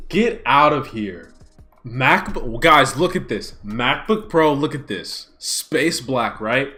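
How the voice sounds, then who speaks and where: Male streamer reacting live, smartphone mic, animated lively pitch, unhurried delivery, swings from hyped shouts to grumbles. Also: faint music behind. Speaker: streamer hosting a live watch party.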